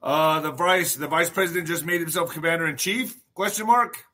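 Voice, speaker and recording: A man's voice: fairly high pitch, brisk, sharp tone. A man hosting his own livestream in casual talk, emphatic, repeating phrases and swearing freely. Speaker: show host.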